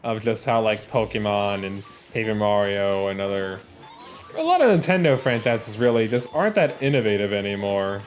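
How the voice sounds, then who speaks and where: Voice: medium pitch, lively intonation, normal speed, faint music behind. A let's player giving casual gameplay commentary, rambling, restarting and swearing as things happen on screen.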